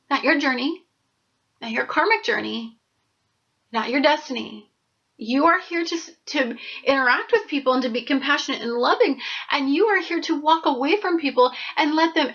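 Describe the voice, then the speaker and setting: A woman's voice: high-pitched, dull audio. A woman hosting an astrology show, giving an emphatic, preachy spoken reading. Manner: emphatic, preachy, animated asides. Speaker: astrology host.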